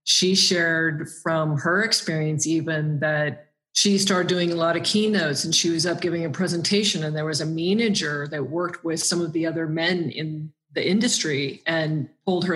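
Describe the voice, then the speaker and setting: A woman's voice: deep voice, steady tone, moderate pace, a bit bright. A woman guest on an interview podcast, talking earnestly and reflectively about her own experiences.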